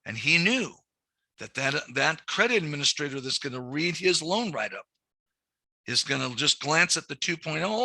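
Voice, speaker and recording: A man's voice: a little high, lively intonation, moderate pace, pushed and bright, no echo. A middle-aged man teaching commercial lending, lecturing in a conversational way with frequent restarts. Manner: conversational, repeats words and restarts. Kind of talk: classroom lecture with anecdotes.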